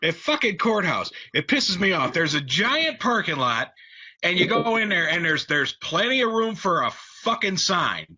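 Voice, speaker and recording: A man with a high, sharply bright voice rants through a story. He swears nonstop and mocks everyone he mentions, and his pitch swings widely. The sound is dull and lo-fi. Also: big pitch swings, normal speed, breathy edge. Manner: blunt, swears constantly, mocking rants. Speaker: radio roundtable co-host. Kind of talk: profane ranting storytelling.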